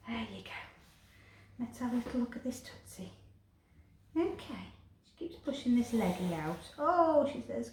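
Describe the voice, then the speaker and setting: A woman grooming a cat, talking softly and coaxingly while explaining her work. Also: on the high side, moderate pace, noisy background. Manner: soft, coaxing, chatty. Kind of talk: grooming commentary. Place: grooming room. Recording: echoey room with music behind.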